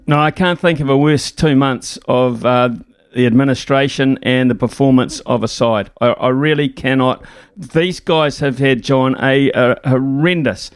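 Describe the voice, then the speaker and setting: Smooth-voiced New talkback host. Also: male voice, mid-range voice, dry recording. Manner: blunt, takes calls briskly. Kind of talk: talkback radio chat.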